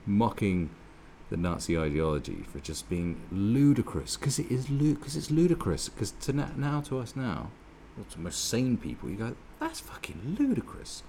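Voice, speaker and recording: Man for a sarcastic solo rant: low gravelly voice, swings up and down a lot, swears freely, rambles. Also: very animated, normal speed, hardly any pauses, mellow, slight background noise. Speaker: political commentator. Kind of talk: ranting monologue.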